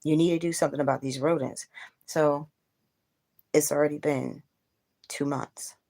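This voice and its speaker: A woman's voice: deep voice, steady tone, normal speed, vocal fry, warm tone. A woman hosting a casual livestream, venting bluntly to her viewers with plenty of profanity. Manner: talks straight to viewers. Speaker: livestream host.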